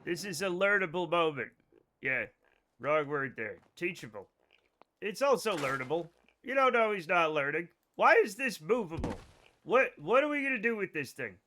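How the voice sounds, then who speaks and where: A man's voice: high-pitched, normal speed, slight background noise. A young man streaming a game live, chatting with his audience and bursting out now and then. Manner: excitable, bantering with chat, sudden outbursts. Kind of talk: casual live gameplay commentary.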